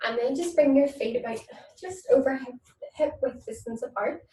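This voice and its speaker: A woman leading a mum and baby yoga class, gentle and encouraging, recorded in a room away from the mic. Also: high voice, moderate pace. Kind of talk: online yoga class instruction with nursery songs. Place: indoor room, moving around on camera. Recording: echoey room, mic at a distance.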